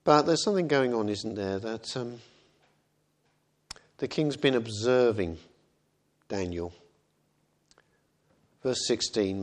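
A man's voice: medium pitch, lively intonation, slow pace, long pauses. Conversational male preacher. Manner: conversational, rhetorical questions. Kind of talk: sermon.

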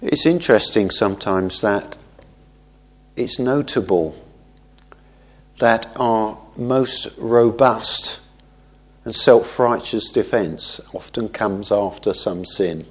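A man's voice: lowish voice, takes it slowly, long pauses, breathy edge. A man preaching through a Bible passage, talking conversationally and often tagging his points with "isn't it?" while now and then correcting himself mid-word. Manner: conversational, frequent "isn't it?" tag questions; thoughtful with small self-corrections. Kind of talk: expository Bible teaching.

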